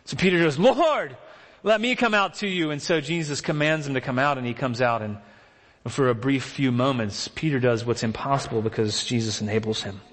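A man preaching a sermon, telling Bible stories with animated, acted-out character voices. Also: mid-range voice, fairly quick, in a large hall.

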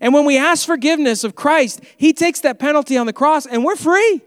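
High-voiced man preaching a sermon. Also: a little fast, a bit bright, no room sound, clean studio sound, in a large hall. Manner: earnest, conversational preaching with parent anecdotes. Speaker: pastor.

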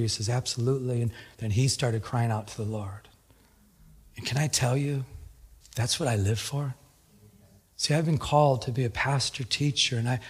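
A man's voice: medium pitch, husky. A man preaching a sermon as a pastor, telling stories in a conversational way, often repeating words.

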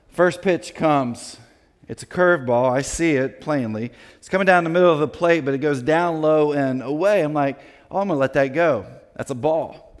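A pastor tells a story from the pulpit with real animation, acting out each voice he quotes. His speaking voice sits a little high for a man, and a long reverb from a large hall trails behind every phrase. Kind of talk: storytelling sermon.

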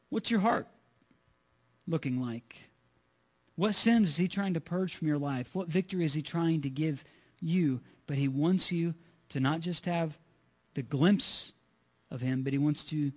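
A man's voice: fairly high pitch, a bit bright. A man preaching a sermon as pastor, earnest and repetitive, asking his listeners rhetorical questions.

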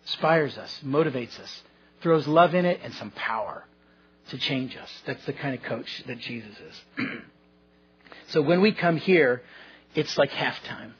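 Husky-voiced man preaching folksy sermon. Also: medium pitch, animated, unhurried, lo-fi sound. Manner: folksy storytelling with self-deprecating humor. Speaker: pastor.

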